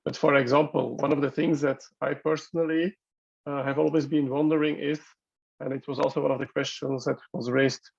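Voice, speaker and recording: A man moderating an open discussion at an online workshop, talking in a halting way as he thinks aloud over video call audio. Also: mid-range voice, creaky, darkish tone, muffled recording.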